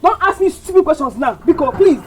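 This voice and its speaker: A woman's voice: on the high side, very animated, brisk, soft background music. A Nigerian woman playing a haughty young fiancée who brushes off the men around her in a film drama. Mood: dismissive. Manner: dismissive, impatient.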